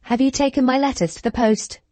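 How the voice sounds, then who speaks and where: A woman's voice: high voice, steady tone, fairly quick, darkish tone, no echo, voice pushed up, close to an everyday voice. A woman reading the part of a spiteful, gushing young woman with a scornful, mocking manner, in an audiobook.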